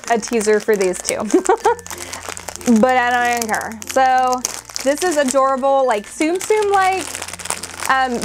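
Gushing high-voiced woman unboxing. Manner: gushing, excitable, frequent gasps and squeals. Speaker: unboxing vlogger. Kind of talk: casual unboxing chat.

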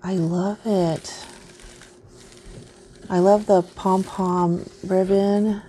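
A woman's voice: medium pitch, level tone, very slow, warm tone, slight background noise. A woman vlogger unboxing craft mail in casual chat, gushing and easily delighted.

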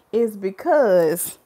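A woman, a hair stylist hosting a casual live stream and talking to her chat in an animated, preachy way. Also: mid-range voice. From North Carolina, USA.

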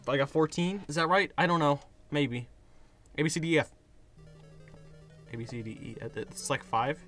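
A hoarse young man giving casual commentary while playing a game, getting frustrated and yelling at it. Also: a little high, normal speed, faint music behind. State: hoarse, voice worn out. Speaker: gaming video creator.

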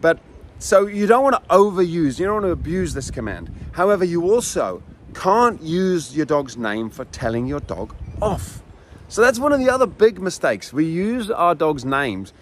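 A male dog trainer explaining his methods in an easygoing, chatty way. His voice sits a little high and swings widely up and down as he acts out dogs and owners. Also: big pitch swings, moderate pace, a little hiss or hum. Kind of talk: casual instructional talk.

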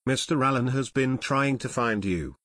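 Audiobook: helpful airport worker read by the narrator; dry mic. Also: male voice, medium pitch, normal speed, fairly bright tone, no room sound, lightly acted.

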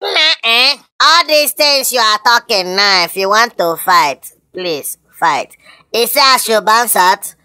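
A Nigerian comedian with a lively, bright voice that swings all over the place, recorded dry and close. He blusters and makes threats in a comedy skit. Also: sits high, takes it slowly, smooth, no echo.

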